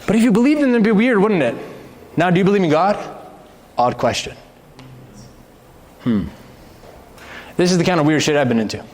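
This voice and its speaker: A man giving a live motivational talk to an audience, animated and expressive, firing off rhetorical questions with the occasional swear word. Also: high voice, brisk, pauses often. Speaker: motivational speaker. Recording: reverberant hall.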